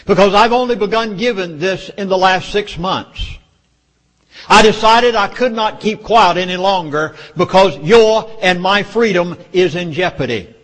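An audience in a meeting hall hears a man with a Southern US accent lecture them urgently and emphatically. His voice sits high with a fairly bright tone, a little slow, and the hall reverb is long.

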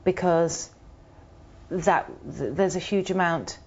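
A woman being interviewed, telling a personal story in an earnest, halting way with many restarts. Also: lowish voice, darkish tone. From United Kingdom. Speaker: interview guest. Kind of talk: reflective personal account. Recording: muffled, dull audio.

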